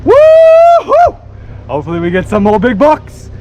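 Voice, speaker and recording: An Australian man hosting a fishing vlog from a small boat, chatting casually in an excitable, drawling, folksy way. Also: sits high, normal speed, highs cut off, very noisy. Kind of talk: casual outdoor vlog commentary. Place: small boat on open water.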